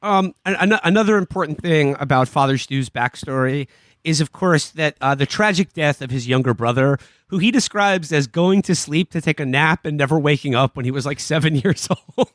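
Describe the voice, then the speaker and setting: Man podcaster, slightly high voice, dry close mic, halting comedic recap full of uhs. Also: fairly bright tone, dry recording. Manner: halting recap with many fillers and stammered restarts. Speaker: podcast co-host. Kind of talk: casual comedic podcast chat.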